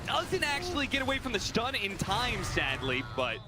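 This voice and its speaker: Man, esports play-by-play, high voice, very animated, loud music behind. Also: heavy background noise. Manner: excitable, quick reactions. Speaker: esports commentator. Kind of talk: play-by-play commentary.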